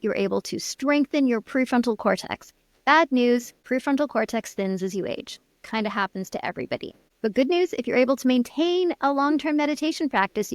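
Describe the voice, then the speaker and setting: A woman's voice: on the high side, dry recording. A woman guest, a neuroscientist, explaining brain science with enthusiasm and vivid examples in an interview.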